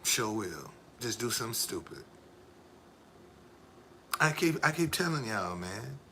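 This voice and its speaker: A man's voice: fairly low pitch, big pitch swings, measured pace, sharp tone, slight background noise. A man live streaming in a casual, rambling way, repeating himself and talking straight to his viewers. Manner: repetitive, emphatic, addresses viewers directly.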